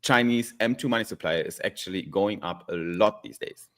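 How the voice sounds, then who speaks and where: A man's voice: lowish voice, moderate pace. A man co-hosting a casual livestream, teasing and laid-back, calling his partner "bro.". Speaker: co-host.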